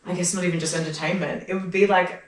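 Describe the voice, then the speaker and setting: A woman's voice: on the low side, fast. An Australian woman on a podcast as a comedian guest, chatting casually and acting out her own quoted lines as she tells stories. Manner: animated storyteller who acts out her own quoted lines. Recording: echoey room, mic far off.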